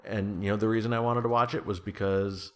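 A very low-pitched middle-aged man talks loosely and casually as a guest. He wanders through his thoughts with frequent restarts and fillers, and he pokes fun at himself. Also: fairly even intonation, brisk, fairly bright tone. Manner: rambling, self-deprecating, trails off with fillers and restarts. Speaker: guest being interviewed. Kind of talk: casual conversation.

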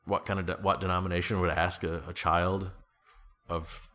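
A man's voice: low-pitched, little pitch movement, moderate pace, fairly bright tone. A man in his thirties chatting casually on a podcast, rambling and self-deprecating with a joking manner. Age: 30s. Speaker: podcast co-host. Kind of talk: casual chat.

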